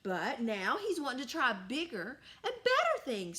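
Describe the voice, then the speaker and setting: A woman's voice: sits high, wildly swooping pitch, a little slow, sharp tone. A woman music teacher telling a children's singing story and leading the listeners in call-and-response.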